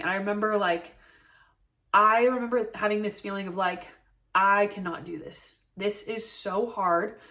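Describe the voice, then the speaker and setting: A woman's voice: mid-range voice, a bit bright, recorded from a distance. A young woman telling a personal story to camera, earnest and emotional, with many "like" fillers. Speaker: new mother telling her birth story.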